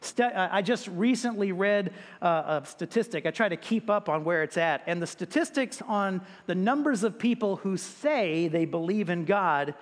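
A man with a high voice delivers a sermon in an emphatic, repetitive way. He lifts his voice when he reads scripture aloud. A long reverb trails behind him, as in a large hall. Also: animated, normal speed, few pauses. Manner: emphatic, repeats words, quotes scripture with a raised voice. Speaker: pastor.

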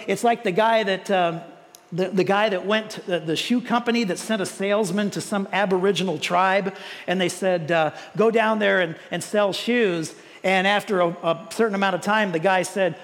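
A pastor preaching a sermon in a lively, conversational way, often repeating words and asking rhetorical questions. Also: male voice, sits high, moderate pace. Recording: long hall reverb.

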